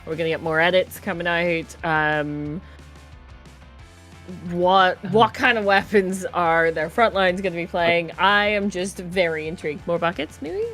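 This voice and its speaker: A woman's voice: lowish voice, a little slow, a bit bright, faint music behind. A woman giving color commentary on an online video game tournament, chatty and musing, laughing often. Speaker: esports co-commentator.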